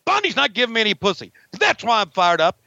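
Man doing a fed-up veteran wrestler, profane, rambling, bright tone, dry and muffled. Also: big pitch swings, fast, vocal fry, no room sound, exaggerated voice. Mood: ranting. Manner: profane, rambling, raised pitch, mock-angry. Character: gruff, frustrated veteran male wrestler ranting backstage.

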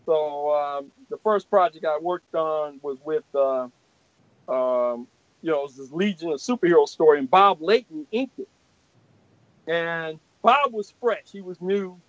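Older man, high-pitched, animated storyteller, dry close sound, muffled lo-fi recording. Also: unhurried, dry recording. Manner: animated, laughing, acts out quoted voices. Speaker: comic artist guest. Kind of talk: anecdotal storytelling. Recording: dull lo-fi recording.

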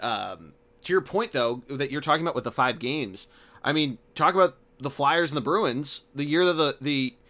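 A man with a bright, forceful voice co-hosting a casual sports podcast. He talks through stats and past seasons in detail, his voice dropping quieter as he trails off. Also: mid-range voice. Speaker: podcast co-host.

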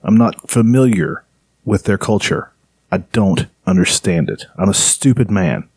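Low-voiced sarcastic rambling man. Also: lively intonation, a little slow, a little mellow, breathy edge, dry recording. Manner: rambling, sarcastic, lots of fillers. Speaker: podcast host. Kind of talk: casual chat.

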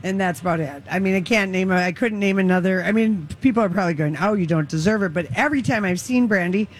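A woman's voice: medium pitch, fast talker. A woman in her fifties co-hosting a radio show, chatting and reminiscing casually. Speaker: radio co-host.

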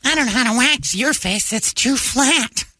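A woman's voice: high-pitched, lively intonation, moderate pace, bright, forceful tone, no echo. A woman co-hosting a morning radio show, teasing and wisecracking in casual chat.

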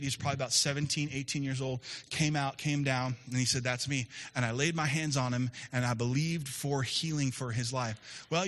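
A middle-aged man preaching a sermon to a church, telling stories in a lively, conversational way. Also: mid-range voice. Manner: storytelling, lively and conversational with laughs and sudden shouts. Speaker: pastor. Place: church service room.

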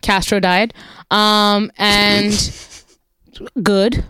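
A woman's voice: medium pitch, little pitch movement, very slow, bright, forceful tone, smooth. A woman co-hosting a casual podcast, joking and teasing her co-host.

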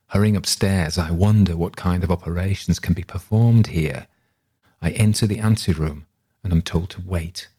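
A man reading a literary story aloud in a measured, reflective way. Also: deep voice, dark tone, breathy edge. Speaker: reader.

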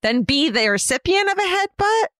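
A woman co-hosting a casual podcast, reacting with gasps, exclamations and jokes. Her pitch swings widely, and the close mic leaves the sound dry and free of room echo. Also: very animated, normal speed, fairly bright tone. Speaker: podcast co-host. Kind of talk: casual chat.

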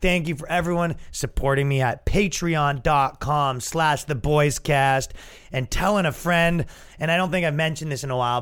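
A man's voice: mid-range voice, fairly bright tone, smooth. A young man with a Canadian accent, hosting a comedy podcast in a crude, sarcastic, rambling rant. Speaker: podcast host.

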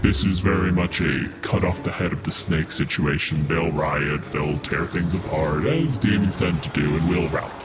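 A man doing a deep cold devil commander. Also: normal speed, hardly any pauses, loud music behind the voice. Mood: commanding. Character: menacing male devil giving orders.

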